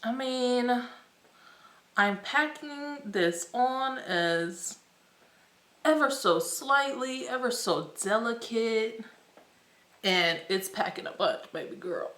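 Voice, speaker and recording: A young woman filming a casual makeup tutorial, chatty and slangy with excited exclamations. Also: on the high side, slow. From United States. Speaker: beauty vlogger. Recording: echoey room.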